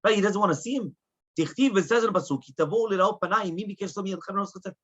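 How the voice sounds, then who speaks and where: A man's voice: high-pitched, rapid-fire, lo-fi sound. A man teaching a Talmud lesson as a rabbi, asking rhetorical questions and moving between Hebrew and English. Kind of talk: Talmud lecture.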